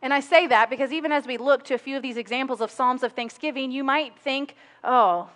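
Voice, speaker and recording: A woman's voice: high-pitched, brisk, a bit bright. A woman, preaching a sermon in a conversational storytelling way and laughing often. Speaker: pastor.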